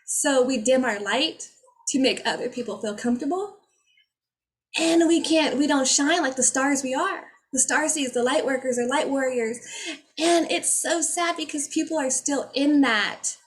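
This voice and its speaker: A woman's voice: high-pitched, moderate pace. A woman speaking as a spiritual energy healer, in a casual, heartfelt talk to her viewers, effusive and rambling with frequent restarts.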